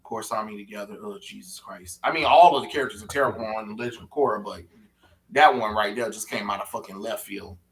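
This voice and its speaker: A man in casual pop culture chat, animated and rambling as a podcast co-host. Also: fairly low pitch, fairly quick, far from the mic. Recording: echoey room, off-mic.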